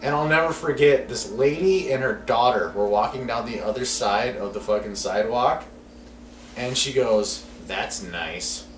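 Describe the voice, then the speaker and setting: A man's voice: medium pitch, moderate pace. A man telling a rambling, profane story in casual podcast talk. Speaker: podcast co-host. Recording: echoey room, distant mic, noisy.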